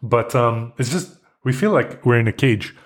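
A man's voice: mid-range voice, lively intonation, normal speed. A young man from Quebec, hosting a podcast and delivering an angry, profanity-laced solo rant full of restarts and repetition. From Quebec, Canada. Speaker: podcast host.

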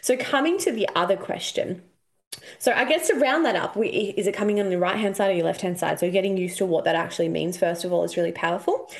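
Australian woman, 30s, casual podcast host; chatty, animated storytelling. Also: medium pitch, fast talker, vocal fry. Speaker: podcast host and intuition coach. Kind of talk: casual solo podcast talk.

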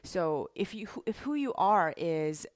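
A woman coach giving a teaching monologue in a bubbly, emphatic, energetic way. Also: fairly low pitch, takes it slowly, no room sound, studio quality. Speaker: life coach.

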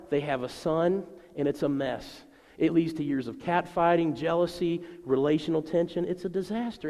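A man preaching a sermon to a congregation, animated and acting out the voices he quotes. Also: on the high side, in a large hall. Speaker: pastor.

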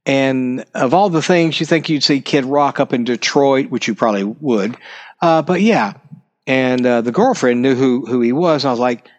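A man's voice: mid-range voice, normal speed, darkish tone. Rambling middle-aged man hosting a podcast. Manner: rambling, full of ums and asides. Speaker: podcast host. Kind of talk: casual monologue.

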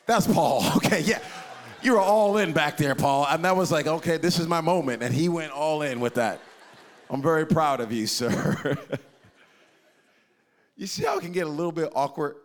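A man preaching with a slightly high, bright-edged voice, swinging from playful asides to earnest calls. He works the room like a pastor in conversation with his congregation, teasing and joking between points. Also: moderate pace, a little hiss or hum. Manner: animated, conversational preaching with jokes and crowd interaction. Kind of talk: sermon to a live and online congregation.

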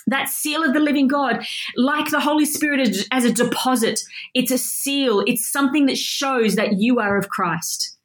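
A woman giving an energetic Bible lesson, reading scripture aloud and commenting emphatically. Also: sits high. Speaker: Bible teacher. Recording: echoey room.

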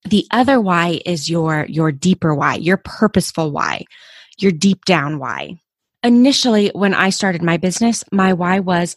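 Candid low-voiced woman podcast host. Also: animated, a little slow, no echo, clean studio sound. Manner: candid, personal, encouraging. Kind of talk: motivational solo podcast talk.

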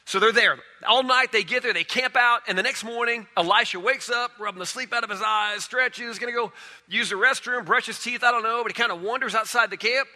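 A male pastor tells his stories in an animated sermon, with a high, bright and cutting voice. A long reverb from a large hall trails every phrase. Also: brisk. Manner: animated storytelling, acting out characters.

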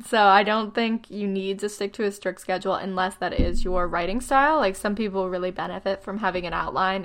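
A woman's voice: mid-range voice, a bit bright. Tired young woman blogger chatting tips, lots of likes and ums, jokes at herself. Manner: chatty, filler-heavy, self-deprecating, quick asides. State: tired, yawning. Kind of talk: casual advice vlog.

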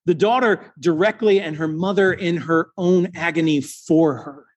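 A male preacher retelling a scripture story as a slow, dramatic sermon with long pauses. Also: on the high side.

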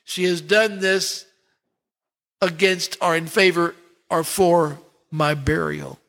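A male pastor preaching a sermon, lingering on words with dramatic pauses and rising swells. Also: high voice, steady tone, fairly bright tone.

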